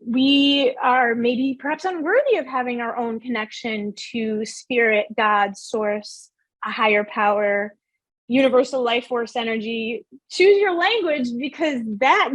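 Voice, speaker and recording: This middle-aged woman has a high voice with a breathy edge, and she runs a motivational workshop where she asks her audience questions. Her delivery is earnest and emphatic, and the audio is dry and close-miked.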